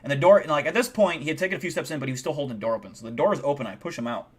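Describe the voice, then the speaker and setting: A man's voice: fairly high pitch, racing, slightly rough. A man hosting a live stream, telling a story casually and swearing a lot. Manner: profanity-heavy, animated retelling. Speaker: livestream host.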